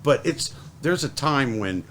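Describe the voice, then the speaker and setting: A middle-aged man hosting a casual chat, telling stories with lively acted-out quotes. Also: medium pitch, a little slow, slight background noise. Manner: animated storyteller, acts out quoted voices. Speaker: podcast host.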